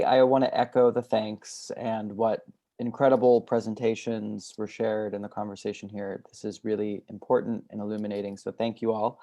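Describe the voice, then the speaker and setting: A man's voice: fairly low pitch, warm tone. A man moderating audience questions at a panel, polite and organized as he hands over the mic. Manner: polite, organized, gives instructions.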